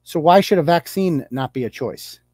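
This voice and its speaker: Male podcast host, profane and sarcastic, lively swooping delivery, dry close sound. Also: fairly high pitch, normal speed, breathy edge, no room sound. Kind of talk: ranting commentary on social media posts.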